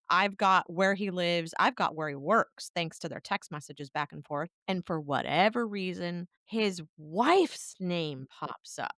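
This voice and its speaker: A woman co-hosting a podcast, telling a personal story in a candid, animated way. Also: mid-range voice, smooth, no room sound, clean studio sound. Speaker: podcast co-host.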